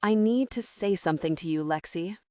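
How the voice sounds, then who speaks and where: A woman reading an audiobook, voicing an earnest young man who talks in a low, dry, carefully measured way. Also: a little mellow, dry recording, lightly acted. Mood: earnest, gentle. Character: earnest young man, gentle, quietly heartbroken.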